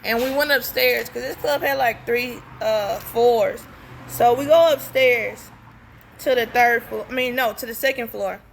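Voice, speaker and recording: A woman's voice: a little high, a little slow, vocal fry, slight background noise. A young woman telling a story casually, blunt and profane, acting out the dialogue as she goes. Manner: blunt, profane, animated retelling with quoted dialogue. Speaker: storytime vlogger.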